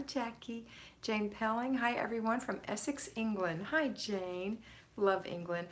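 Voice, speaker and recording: A woman hosting a live stream, chatting casually, reading out viewers' comments and greeting them by name with frequent laughs. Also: medium pitch. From Florida, United States. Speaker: host of a home-organizing live stream.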